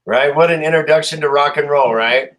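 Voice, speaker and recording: A man co-hosting a casual interview, relaxed and agreeable. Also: a little high, a little fast. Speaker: co-host.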